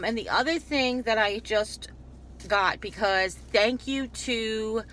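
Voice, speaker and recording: Chatting casually in a haul video, this YouTuber rambles and keeps cutting herself off to restart. Her voice sits at a medium pitch and sounds a bit bright, with a little hiss or hum in the recording.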